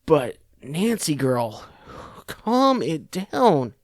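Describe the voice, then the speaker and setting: A man's voice: on the high side, very animated, extremely slow, dry recording, studio quality. A man hosting a podcast, giving casual political commentary in a rambling, sarcastic, profane way. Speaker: podcast host.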